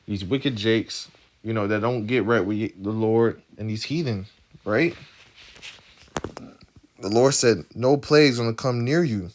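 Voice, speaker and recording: Guy with a lowish voice reading bible verses and preaching on them, keeps saying right?. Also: a little slow, pauses often. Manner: emphatic, keeps asking "right?" after each point. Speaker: scripture teacher. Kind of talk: informal bible teaching, reading verses aloud with commentary.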